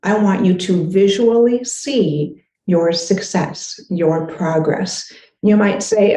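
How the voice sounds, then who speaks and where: A woman's voice: mid-range voice, slow pace, warm tone. Encouraging woman in an echoey room. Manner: encouraging, speaks straight to the listener. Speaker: parenting coach. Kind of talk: direct-to-camera advice talk.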